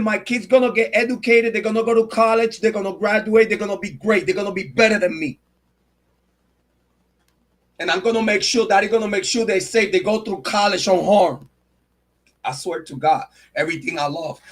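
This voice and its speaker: High-voiced angry man ranting. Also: normal speed. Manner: angry, profane, emotional, repeats himself. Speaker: true crime channel host. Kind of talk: livestream rant.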